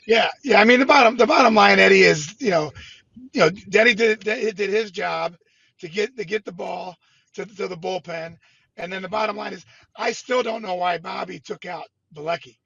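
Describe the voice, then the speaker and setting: Raspy, high-voiced man on a dull video call. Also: moderate pace, bright, forceful tone, no echo. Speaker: former baseball player, guest. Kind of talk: casual interview chat.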